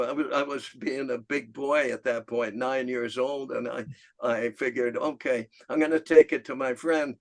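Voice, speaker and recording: An older man on a video call, telling a lively story about his childhood, laughing often and acting out the voices of the people in it. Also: medium pitch. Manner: animated anecdote, laughing often, acts out voices. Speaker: club member giving a talk. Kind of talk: storytelling talk.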